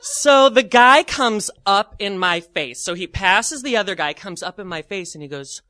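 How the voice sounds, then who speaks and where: A man tells a comic story about himself, animated and self-mocking, with many "like" fillers. His voice is bright and forceful, recorded close and dry. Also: high voice, normal speed, hardly any pauses, dry recording. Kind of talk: comic personal anecdote.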